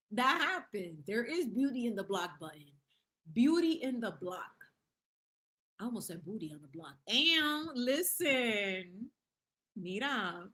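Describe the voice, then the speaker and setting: A woman hosting a casual livestream, chatting in a lively, slangy way, reading the chat aloud and dropping in Spanish phrases. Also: medium pitch. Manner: laughs often and reads chat aloud. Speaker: livestream host.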